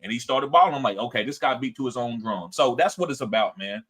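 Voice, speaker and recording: A male podcast host runs a casual sports talk show, animated as he acts out quotes in a higher voice and reads chat comments aloud. He's a fast talker with a breathy edge.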